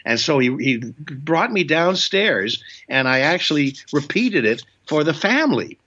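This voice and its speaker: A man's voice: fairly high pitch, very animated, measured pace, sharp tone, slightly rough. A man in his eighties, originally from Indiana, telling rambling show-business anecdotes as a guest, playful and jokey with many fillers and restarts. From Indiana, USA. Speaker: guest, comedian and voice actor. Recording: dull, lo-fi remote audio.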